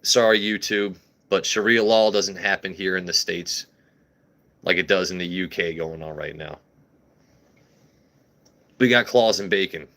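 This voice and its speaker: Guy streaming and chatting to chat, crude jokes, rambles a lot, lowish voice. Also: measured pace, long pauses, bright, forceful tone. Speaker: livestream host. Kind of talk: casual livestream chat.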